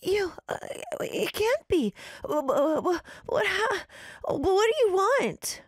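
A woman voicing a frightened young woman held captive, speaking high and stammering in panic. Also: animated, slow pace, dry recording, studio quality, full character voice. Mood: panicked. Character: terrified young woman chained in a dungeon.

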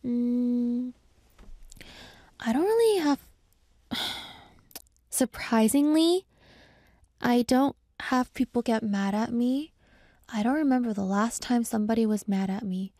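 Mellow-voiced woman thinking aloud. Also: on the high side, expressive, takes it slowly, long pauses, dry recording, studio quality. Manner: thinks aloud, searching for words mid-sentence. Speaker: radio-style show host reading listener messages. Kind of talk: casual reflective chat.

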